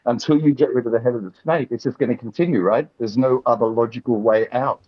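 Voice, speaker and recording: A man's voice: mid-range voice, steady tone, quick pace, husky. Laid-back Australian man calling in. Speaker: caller. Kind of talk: casual phone-in chat. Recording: dull lo-fi call audio.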